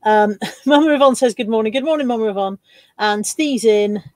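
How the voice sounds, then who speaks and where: A woman's voice: on the high side, normal speed, no room sound. A woman hosting a casual live stream from home, chatting and reading out viewer comments. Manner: chatty, reads out viewer comments with bursts of laughter.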